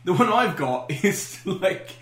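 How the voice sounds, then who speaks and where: A man's voice: high-pitched, very animated, takes it slowly, fairly bright tone. A man on a comedy podcast, rambling through a story with swearing and frequent laughter. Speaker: podcast co-host. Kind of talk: casual banter. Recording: echoey room.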